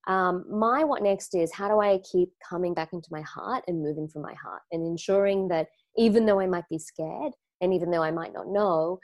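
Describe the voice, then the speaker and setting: A woman's voice: on the low side, moderate pace, hardly any pauses. A woman with an Australian accent giving a live online talk to students, speaking reflectively and conversationally, with frequent fillers and restarts. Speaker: wellness teacher.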